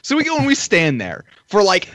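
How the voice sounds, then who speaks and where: Co-host, male, high and very lively voice, jumps in to fill in details, dry sound. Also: fairly quick, dry recording. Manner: interjects, corrects details, very lively pitch. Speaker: podcast co-host. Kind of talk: casual storytelling chat.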